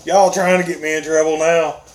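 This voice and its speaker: This livestream host is a man with a fairly high pitch who reads viewer comments aloud on a casual stream, chuckling often. There's slight background noise.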